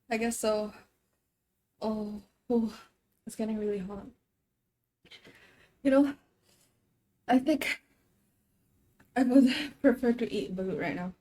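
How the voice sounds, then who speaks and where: A woman's voice: on the high side, dark tone. A woman streamer chatting casually on a live stream, groaning and laughing as she eats, sniffling from the spice. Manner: chatty, groaning and laughing while eating spicy food. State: sniffling from spicy food.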